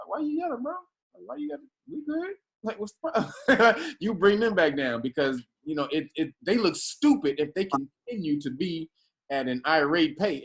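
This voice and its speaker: A man's voice: a little high, breathy edge. Slangy man teaching a casual class. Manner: slangy, restarts often, emphatic. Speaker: class instructor.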